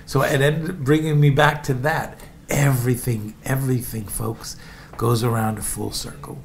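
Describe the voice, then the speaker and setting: A man's voice: medium pitch, fairly even intonation, normal speed, vocal fry, slight background noise. A man from Indiana telling stories from his life in a rambling, chatty way and calling his listeners folks. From Indiana, USA. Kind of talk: casual memoir storytelling.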